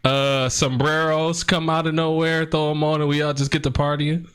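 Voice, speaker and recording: A young man hosting a casual podcast, teasing his friends with crude jokes and frequent loud laughter. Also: a little high, level tone, moderate pace, clear, resonant tone. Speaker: podcast host.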